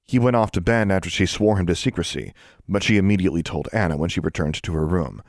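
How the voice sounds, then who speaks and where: A deep-voiced man narrates an audiobook story in steady, measured storytelling from a script. The sound is clean studio audio with no echo.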